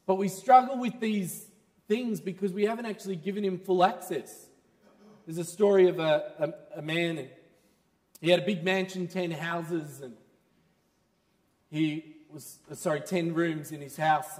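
A man preaching a sermon in church, animated and laughing as he talks. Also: high-pitched, normal speed, in a large hall. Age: 30s.

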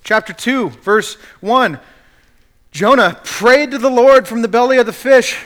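A man's voice: very high voice, measured pace, fairly bright tone. A man preaching a sermon as pastor, earnestly acting out the quotes he cites.

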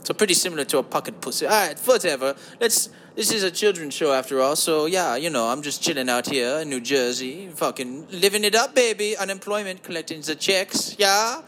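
A man puts on a smarmy, mock German crooning voice for a comedy podcast, pitched a little high. It drawls and purrs, calling everyone baby. A faint hiss sits under the recording. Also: a bit bright. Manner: sleazy crooning, drawn-out, calls listeners baby. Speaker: podcast host. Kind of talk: comedic podcast monologue in a put-on voice. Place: home basement.

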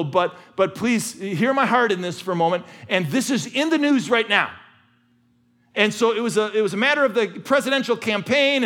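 A man with a high-pitched voice delivers a sermon. He talks casually, restarting phrases often, then rises into fervent, loud exhortation. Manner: fervent preaching, climbs higher and louder when urging the congregation; conversational asides with repeated restarts. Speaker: pastor.

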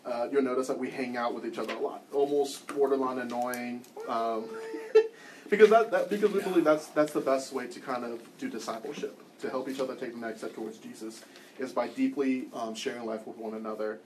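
A man's voice: mid-range voice, a little fast, slight background noise. A man teaching a church class, leading a group, telling a personal story with wry self-deprecating humor in a loose, conversational way. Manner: loose and conversational, frequent ums and restarts.

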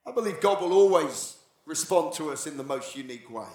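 A male pastor preaching a sermon, moving from dramatic, animated storytelling to hushed, near-whispered passages. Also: fairly high pitch, fairly quick. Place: church. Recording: echoey church hall.

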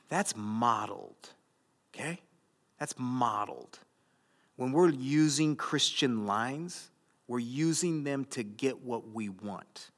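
A male pastor in his thirties preaching a conversational, jokey sermon that builds to loud, emphatic stretches. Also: medium pitch, lively intonation, slow. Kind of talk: sermon to a young adult group.

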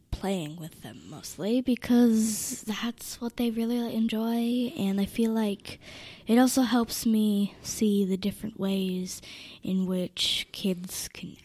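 Slow, giggly teen girl. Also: medium pitch, dry recording. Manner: giggly, trails into soft near-whispers. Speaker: interviewee, older sibling. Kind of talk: casual family interview.

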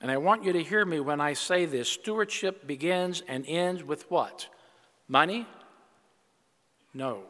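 A man's voice: on the high side, a little slow, long pauses, bright, forceful tone, in a large hall. An older male preacher giving a sermon, opening with jokes and then speaking earnestly about giving and stewardship. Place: church.

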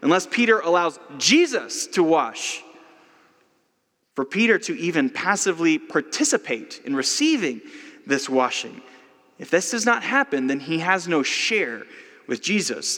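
A man preaching a sermon as pastor, in a casual, conversational way with frequent "like" and lively everyday illustrations. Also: a little high, in a large hall.

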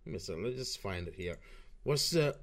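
A man's voice: sits low, lively intonation, normal speed, a bit bright. A young man ranting through online commentary over a screen recording, profane and sarcastic, often restarting his sentences.

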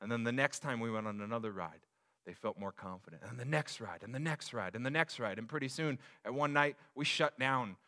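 A man in his thirties, a pastor preaching a sermon, telling a family story with lively acted-out voices. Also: medium pitch, a little fast. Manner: animated storyteller, acts out voices. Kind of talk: sermon with personal stories.

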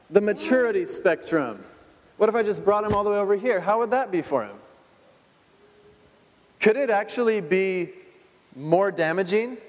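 A man in his thirties preaching a conversational sermon, asking the congregation questions and laughing often. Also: high voice. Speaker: pastor. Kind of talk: interactive sermon. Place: church sanctuary. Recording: long hall reverb.

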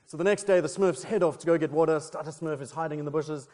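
A preacher from South Africa, talking in a loose, playful way with plenty of fillers. His voice sits slightly high for a man. The sound rings with a long reverb from the church hall. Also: fairly even intonation, fast talker, hardly any pauses, darkish tone. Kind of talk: casual sermon with joke and prayer.

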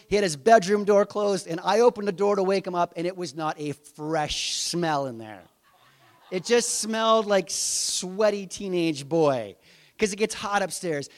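A middle-aged man preaching a conversational sermon, asking his listeners rhetorical questions. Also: sits high. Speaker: pastor.

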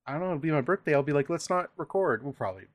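A man's voice: on the high side, very animated, rapid-fire. A man hosting a podcast in a casual, swearing manner, running the outro and plugs. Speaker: podcast host.

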